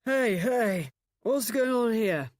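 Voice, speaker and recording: A woman voicing a drunk, slurring young man with a loud, careless manner in an audiobook. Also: on the low side, a little slow, no echo, clean studio sound, natural voice. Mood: drunk, boisterous. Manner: slurred, boisterous. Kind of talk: audiobook narration.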